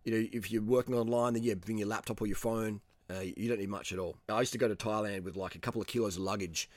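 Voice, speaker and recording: A middle-aged man with an Australian accent, talking straight to the viewer in a blunt, animated way and swearing freely. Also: on the low side, quick pace, no echo. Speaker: travel vlogger. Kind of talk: casual monologue.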